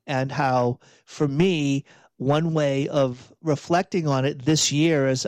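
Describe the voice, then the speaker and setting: A man's voice: medium pitch, a little mellow, no echo. Man in reflective spiritual talk, dry sound. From outside Boston, USA. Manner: conversational, repeats and restarts phrases, rhetorical asides. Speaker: podcast host and executive coach.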